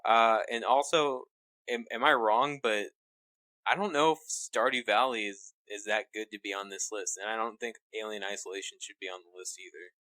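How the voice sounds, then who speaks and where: Low-voiced guy, halting casual chat. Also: steady tone, pushed and bright, dry recording. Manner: halting, many "uh" pauses, teasing. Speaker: podcast co-host.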